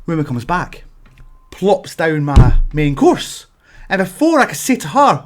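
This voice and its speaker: A Scottish man rants to camera for laughs, spinning exaggerated stories with plenty of emphasis. His pitch swings widely from low grumbles up to sudden shouted bursts. He sounds worked up yet playful the whole way through. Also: measured pace, pauses often. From Scotland. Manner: animated, exaggerated storytelling with shouted outbursts. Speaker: vlogger. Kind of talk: comic rant to camera.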